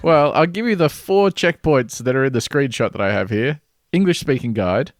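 A man hosting a casual podcast chat, reading items off a list in a wry, deadpan way. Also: medium pitch, moderate pace, dry recording, clean studio sound. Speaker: podcast host.

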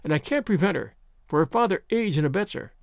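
A strict, resolute storybook mother, polite on the surface and firm underneath. A man plays her in a bright, animated voice, recorded close and dry. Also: high voice, fast talker, no room sound. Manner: cordial but firm. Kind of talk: audiobook character reading.

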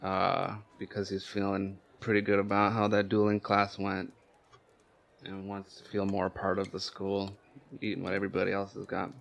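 A man playing a tabletop game, speaking in a mild, gentle way. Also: low-pitched, completely flat delivery, normal speed, creaky. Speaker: player. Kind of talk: casual tabletop role-play.

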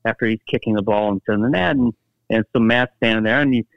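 An older man, a guest, telling stories in a casual interview, acting out quotes with halting restarts. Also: lowish voice, vocal fry, no echo, lo-fi sound. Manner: animated anecdotes, acts out quotes, halting restarts. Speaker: guest storyteller, former team executive.

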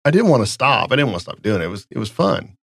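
A man's voice: on the low side, sing-song, fast talker, fairly bright tone, no echo. A man hosting a casual podcast, telling a rambling story and laughing often. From United States. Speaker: podcast host. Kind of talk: casual chat.

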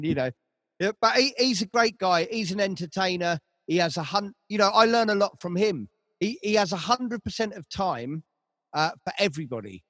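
A man's voice: high-pitched, lively intonation, fairly quick, a bit bright, dry recording, clean studio sound. A man, a band manager telling rambling stories in casual conversation, with a lot of swearing and restarts. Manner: rambling storytelling, heavy swearing, frequent restarts.

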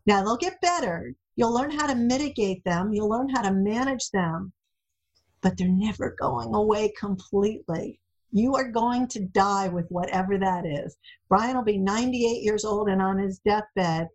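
Husky-voiced woman telling stories. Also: mid-range voice, moderate pace, rough recording. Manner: animated storyteller, acts out quotes. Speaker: guest. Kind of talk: casual interview chat.

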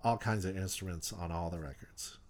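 Low-voiced man chatting as musician guest. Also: brisk. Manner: animated, rambling, many "like"s and restarts. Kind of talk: casual interview chat.

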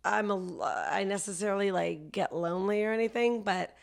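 A woman comedian talking on a podcast in a gravelly voice full of fry, pitched in the middle. She chats casually and self-deprecatingly, laughing often. A dry throat gives her the odd cough. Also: fairly even intonation, moderate pace. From Canada. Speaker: comedian guest.

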